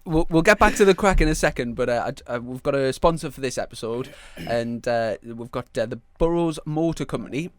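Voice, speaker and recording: A man's voice: medium pitch, animated, fairly quick, hardly any pauses, dry recording. A man hosting a motorbike podcast, chatting casually and stumbling through a sponsor read. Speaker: podcast host.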